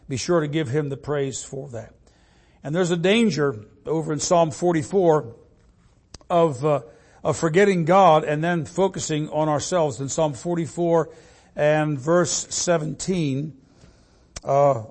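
Fervent older preacher, fairly high voice. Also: male voice, unhurried. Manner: fervent, rising loud on scripture readings. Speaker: traveling preacher. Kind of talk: sermon.

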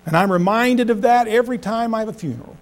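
A middle-aged pastor preaching with a fairly high voice. He swings from loud, emphatic phrases down to low, hushed ones, and his pace speeds up and slows down as he drives each point home. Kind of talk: sermon.

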